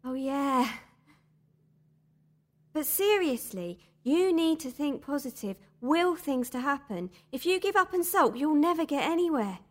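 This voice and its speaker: An actress playing an unflappable spa worker with a dry, new-agey manner in an audio drama. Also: female voice, high voice, sing-song, measured pace. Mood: airy. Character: calm, sardonic spiritual spa worker woman. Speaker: spa employee.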